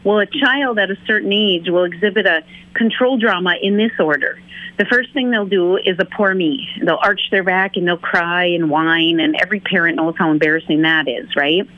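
A woman's voice: normal speed, dry recording. Woman guest on a tinny phone line. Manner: acts out quoted voices with big pitch jumps. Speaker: guest, author and teacher. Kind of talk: interview on a call.

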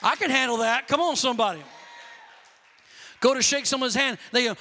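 A pastor preaches with fervor, his voice striking for a man in how high it sits. His tone is bright and forceful, often climbing into shouts. It rings out with the long reverb of a large hall. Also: fairly quick, pauses often. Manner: impassioned preaching, rising to shouts. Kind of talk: sermon.

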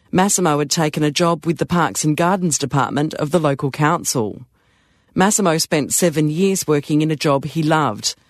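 A man narrating a story in a calm, measured way. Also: fairly high pitch, no room sound, clean studio sound.

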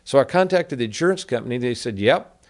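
A man's voice: mid-range voice, lively intonation, fast talker. Folksy middle-aged male radio host, chatty advice talk. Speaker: radio show host, annuity advisor. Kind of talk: casual financial advice talk.

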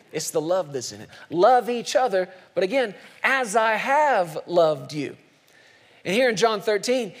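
A man preaching a sermon from the pulpit, his voice sitting high. He slows way down and turns soft on key words, then lifts sharply for punchlines. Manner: dynamic preaching, slows and drops soft for emphasis, rises for punchlines. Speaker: pastor.

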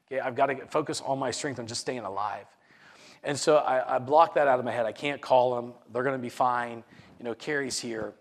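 A man's voice: mid-range voice, fairly quick. A man, likely a pastor, earnestly retelling a personal testimony, often repeating words and restarting sentences. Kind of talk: personal testimony told to a congregation.

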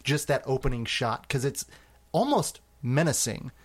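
A man's voice: medium pitch, lively intonation, normal speed, slightly rough. Rambling male film podcast host. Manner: rambling, hesitant with many fillers. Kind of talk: casual film podcast chat.

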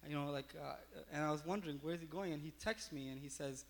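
A man's voice: fairly high pitch, quick pace. A man pastor giving a sermon, telling a personal story with lots of fillers and restarts. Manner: animated storytelling with many fillers.

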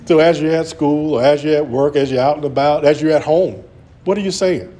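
A man's voice: fairly high pitch, fairly quick, mellow, slight background noise. A man preaching an earnest sermon, often restarting his words as he presses his points. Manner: earnest, repetitive, stammering restarts.

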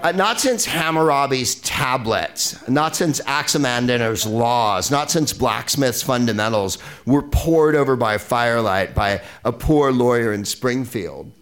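Animated, digressive male podcast host. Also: mid-range voice, unhurried, few pauses. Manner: animated, digressive, profane, laughing asides. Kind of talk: rambling comic film talk. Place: live venue with an audience.

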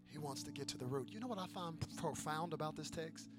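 A male pastor preaching a sermon in a church service, dropping to hushed storytelling and then building to shouted calls for the congregation to answer back. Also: a little high, fairly quick, loud music behind the voice. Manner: call-and-response with the congregation.

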